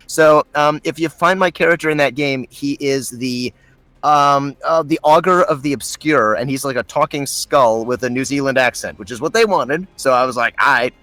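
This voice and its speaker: A man's voice: a little high, a little fast, a bit bright, dry recording. A man talking as a podcast guest, chatty and self-deprecating as he tells a story, swapping in a mild word so he doesn't swear. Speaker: voice actor guest. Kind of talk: casual podcast chat.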